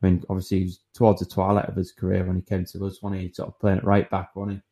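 A man's voice: sits low, monotone, quick pace, dark tone. A man co-hosting a podcast, going through listeners' suggestions with hesitant fillers. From not from Newcastle. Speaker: podcast co-host. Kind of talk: casual chat.

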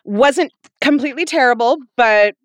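A woman co-hosting a casual podcast chat, animated and quick to laugh. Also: sits high, no room sound. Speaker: podcast co-host.

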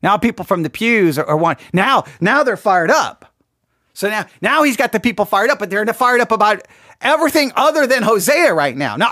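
A man's voice: high voice, bright, forceful tone, no room sound, studio quality. A man giving casual commentary on a sermon clip, chatty and wry, often repeating his phrases.

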